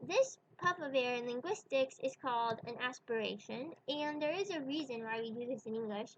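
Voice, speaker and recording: A woman's voice: sits high, low-quality recording. A woman teaching pronunciation in a video lesson, patiently demonstrating sounds one by one. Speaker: Spanish teacher.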